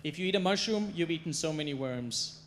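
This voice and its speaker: Guy doing a stage talk, kinda high voice, tells stories with lots of punch and humor. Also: animated, brisk, slight background noise. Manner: storytelling, emphatic, playful. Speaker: chef giving a stage talk. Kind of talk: stage presentation. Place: stage before a live audience.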